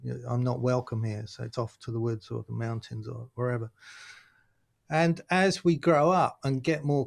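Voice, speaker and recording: A man, a guest chatting on a video call, telling lively stories and acting out other people's voices. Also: medium pitch, creaky. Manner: animated storytelling, acts out voices of others. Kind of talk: casual interview chat.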